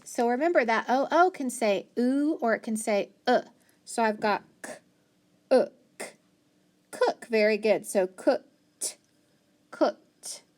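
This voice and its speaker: A woman teacher leading a phonics lesson for young children, patiently sounding out words and praising answers. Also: fairly high pitch.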